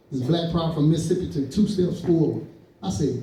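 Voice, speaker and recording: A man's voice: a little high, animated, a little fast, mellow. A man from East Saint Louis doing a stand-up comedy set on a club stage, telling stories and acting out the people in them. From East Saint Louis, Illinois. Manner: storytelling with acted-out quotes. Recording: roomy club sound from a distance.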